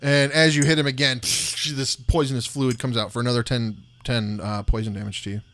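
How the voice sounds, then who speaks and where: A man's voice: mid-range voice, level tone, a bit bright. A man running a tabletop game as dungeon master, narrating combat and often correcting himself. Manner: apologetic, self-correcting, quick rules talk.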